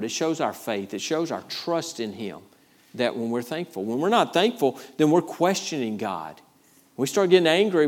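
A pastor from Georgia, USA, with a medium-pitched voice preaches a sermon. He stresses his points by repeating phrases and calls "Amen?" out to the congregation.

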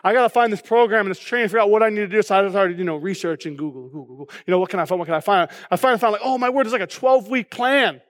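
A man's voice: high-pitched, rapid-fire, hardly any pauses, a bit bright, long reverb tail. A man preaching a sermon as pastor, casual and joking, often checking in with the congregation with "okay?".

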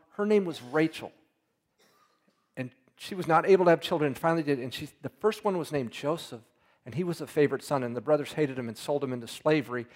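A man with a slightly high voice preaches a Bible lesson casually and conversationally. He retells scripture in everyday language and puts questions to his listeners.

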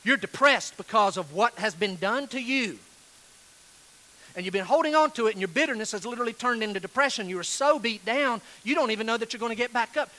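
A male pastor delivers an earnest sermon, pleading with his listeners and leaning hard on slow, stressed phrases. His voice sits high for a man and rings bright and forceful. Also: animated, rough recording.

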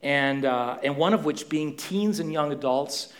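A man's voice: on the high side, unhurried. A man, a pastor preaching a conversational sermon full of questions to a church congregation.

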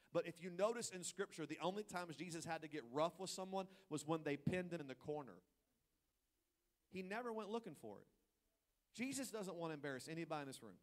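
High-voiced pastor preaching with big swings. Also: male voice. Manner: swings from quiet asides to loud emphatic preaching; acts out people's thoughts in playful quoted voices. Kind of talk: sermon.

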